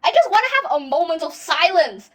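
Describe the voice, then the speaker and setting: High-voiced young woman gushing and screaming. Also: expressive, fairly quick, fairly bright tone. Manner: gushing, swearing, bursts into screaming. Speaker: podcast host. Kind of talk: emotional song lyric breakdown. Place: small room at home, no fans.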